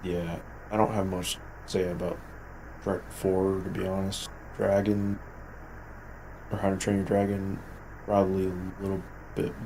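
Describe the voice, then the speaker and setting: Low-ish guy chiming in on a stream, laid back, lots of uhs. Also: completely flat delivery, dark tone, slight background noise, rough recording. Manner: laid-back, halting with fillers. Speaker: co-host. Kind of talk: casual stream chat.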